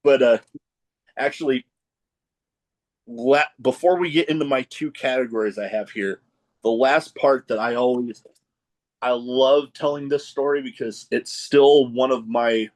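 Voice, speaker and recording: A man hosting a podcast, telling stories with excitement and often restarting his phrases. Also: mid-range voice, unhurried. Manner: excitable storyteller, repeats starts of phrases. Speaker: podcast host. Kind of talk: casual chat.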